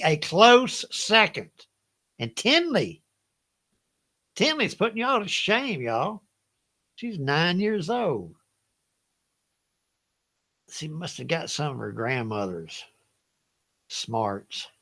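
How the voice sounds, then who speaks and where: Older Southern US man, high bright voice, unhurried, folksy trivia host who laughs often. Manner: chatty, folksy, laughs often, reads each question twice. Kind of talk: hosting a live Bible trivia game.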